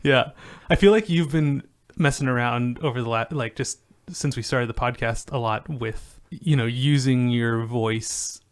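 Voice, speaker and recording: A man's voice: mid-range voice, measured pace, hardly any pauses, clean tone. A man co-hosting a music podcast, chatting loosely about songwriting with lots of filler words. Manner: rambling, loose, many fillers. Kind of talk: casual chat.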